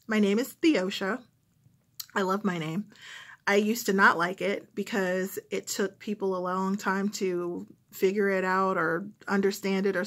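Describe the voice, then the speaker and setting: Woman vlogging, general american accent, chatty but thoughtful, lots of ums, medium pitch. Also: a bit bright. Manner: reflective, thoughtful, frequent ums. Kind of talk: casual talk to camera.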